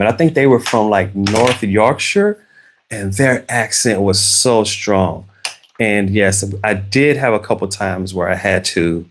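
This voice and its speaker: Laid-back Southern American man chatting. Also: fairly low pitch. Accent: American Southern, Arkansas. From Arkansas, USA. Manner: rambling, conversational, with many restarts. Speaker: livestream host. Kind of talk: casual live chat while crafting. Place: home, crafting.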